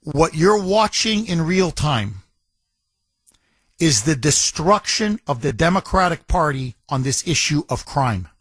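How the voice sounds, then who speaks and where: A man's voice: fairly high pitch, big pitch swings, unhurried, fairly bright tone, breathy edge, no echo. A man hosting a talk radio show, delivering a combative, emphatic and mocking monologue from a studio microphone.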